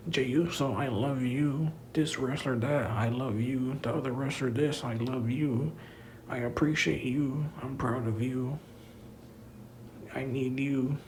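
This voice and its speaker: A man putting on a whiny, pandering male wrestler, speaking slowly and with mock sincerity. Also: medium pitch, darkish tone, slight background noise. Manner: slow, drawn-out, mock-sincere.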